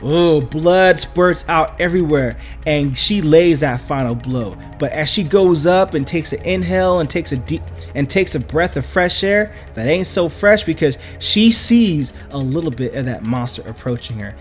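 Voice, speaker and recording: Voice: medium pitch, normal speed, soft background music. A comic book reviewer narrating a story recap in a casual, slangy, joking way. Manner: slangy, animated, jokey.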